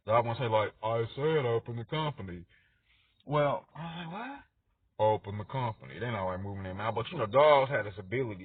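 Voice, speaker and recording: A man rambling through an animated monologue, laughing often and jumping into squeaky voices for characters. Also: husky, no echo. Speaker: music artist talking to viewers. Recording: dry, tinny phone-like sound.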